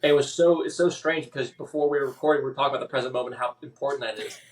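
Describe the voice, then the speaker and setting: A man telling his personal story as a podcast guest, halting and emotional, with many restarts and fillers. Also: medium pitch, fairly even intonation, recorded from a distance.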